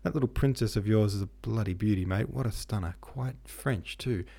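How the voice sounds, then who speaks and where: A man's voice: on the low side, a little fast, vocal fry, dark tone. A man voicing a gossipy, cynical viscount in a storybook reading, bawdy and mocking. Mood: leering.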